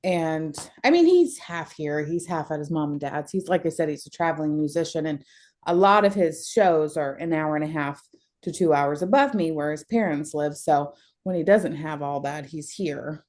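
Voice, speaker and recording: Candid, emotional woman with a mellow voice. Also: low voice, normal speed. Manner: emotional, laughs often, blunt and expressive. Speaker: counseling client. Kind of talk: candid counseling conversation.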